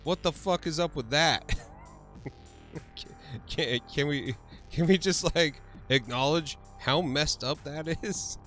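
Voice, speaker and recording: A man's voice: on the high side, slow, a bit bright, soft background music. A man hosting a casual livestream, laughing often, swearing freely and answering his chat. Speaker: livestream host.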